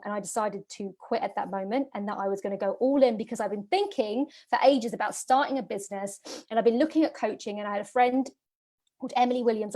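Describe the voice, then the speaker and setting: A woman's voice: medium pitch, a little mellow. A woman, telling a personal story to an audience as a business coach, emotional and full of fillers and repeats. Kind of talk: personal story in a masterclass talk.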